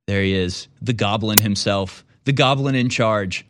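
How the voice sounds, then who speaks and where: A man's voice: on the low side, fairly bright tone, no room sound, studio quality. A man hosting a call-in show, chatting with callers in a joking, rambling way full of restarts. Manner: joking, quick riffs, trails off into restarts. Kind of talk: casual call-in talk.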